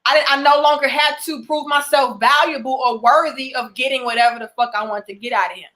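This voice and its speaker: A woman's voice: high voice, steady tone, fairly quick, a bit bright. A woman in giving blunt, emphatic relationship advice in a casual vlog, swearing freely and often restarting her phrases. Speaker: relationship vlogger. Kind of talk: casual direct-to-camera advice.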